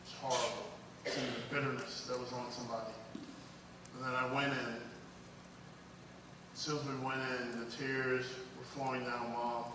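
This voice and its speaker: A man's voice: medium pitch, little pitch movement, moderate pace, long pauses, background noise. Preacher man in a big echoey hall. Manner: swings from hushed storytelling to fervent exhortation. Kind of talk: sermon. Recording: echoey hall, distant mic.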